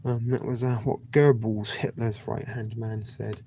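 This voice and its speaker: A man's voice: medium pitch, flat delivery, measured pace, gravelly, few pauses, mellow, a little hiss or hum. A man hosting a livestream, rambling casually with many hesitations. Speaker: livestream host.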